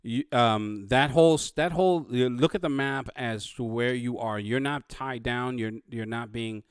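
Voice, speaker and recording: Brief: casual DM, mid-pitched man, restarts a lot, dry close mic. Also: clean tone, dry recording. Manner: halting, full of restarts and laughs. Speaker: dungeon master. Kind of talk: narrating a tabletop game.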